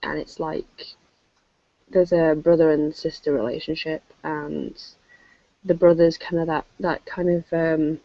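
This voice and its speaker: A woman's voice: low-pitched, level tone, a little slow, no echo. English woman chatting on a video call, dry and muffled, laughs at herself a lot. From England. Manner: chatty, self-mocking, laughs often. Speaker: show regular. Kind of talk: casual chat on a video call. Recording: dull lo-fi call audio.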